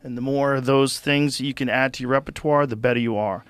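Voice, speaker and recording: A male podcast host talking casually in a studio with a close mic and a dry sound, no room echo. He explains with animated enthusiasm and swears freely. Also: mid-range voice, brisk, clean tone. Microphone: studio microphone.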